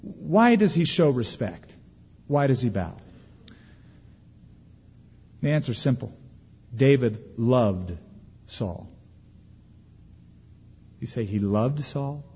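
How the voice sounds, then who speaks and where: A man preaching a sermon as pastor, folksy and humorous, with dramatic pauses. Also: medium pitch, sing-song, a little mellow, husky, big-room sound, dull audio.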